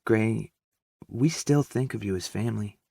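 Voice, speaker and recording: A man voicing a gentle young pregnant woman with a soft Outer Banks drawl. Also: fairly low pitch, measured pace, creaky, no echo, studio quality, pitched above the performer's own voice. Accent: Outer Banks North Carolina drawl.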